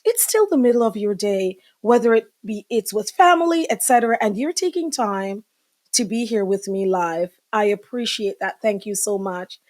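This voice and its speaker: A woman's voice: medium pitch, animated, normal speed, a little mellow. A middle-aged woman hosting a live podcast, talking casually and chattily with many fillers and asides to her viewers. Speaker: podcast host.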